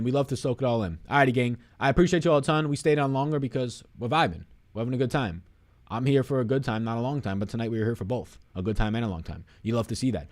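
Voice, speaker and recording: A man's voice: medium pitch, expressive, fast talker. A young man hosting a sports betting livestream, signing off in a rambling, profane, joking way and out of breath. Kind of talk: casual livestream sign-off chat.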